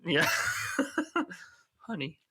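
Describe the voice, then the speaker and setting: A man co-hosting a podcast, casually recapping a book and tossing in quick character voices as he retells scenes. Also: sits high, very animated, bright, forceful tone, husky, poor audio. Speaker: podcast co-host.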